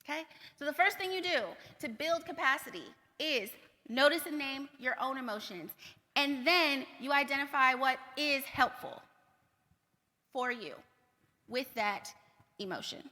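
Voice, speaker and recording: A woman giving a conference keynote talk, energetic, repeating points for emphasis and checking in with the audience. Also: high-pitched, unhurried. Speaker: keynote speaker. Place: large conference hall. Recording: long hall reverb.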